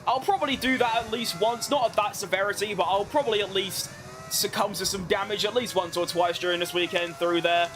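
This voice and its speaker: A young gaming video creator with a high voice talks briskly over music while playing a racing game. His casual commentary is self-mocking and rambling, and he keeps restarting his sentences.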